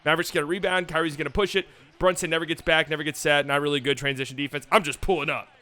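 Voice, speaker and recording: A man hosting a basketball channel, breaking down game highlights with playful, joking asides. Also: fairly even intonation, rapid-fire, sharp tone, clean tone. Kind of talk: game film breakdown commentary.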